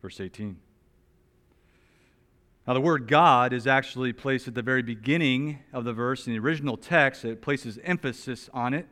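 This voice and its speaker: Man, sermon, pastor, animated, emphatic, shifts from loud to soft. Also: medium pitch. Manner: animated, emphatic, with wide swings in loudness; drops to a soft, slow voice for key points. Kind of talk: expository sermon.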